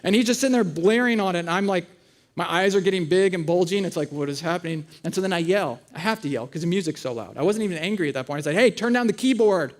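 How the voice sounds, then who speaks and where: A man's voice: high voice, quick pace. A man in his thirties preaching a conversational sermon, telling funny family stories and acting out voices. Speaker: pastor. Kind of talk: sermon with storytelling. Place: church auditorium.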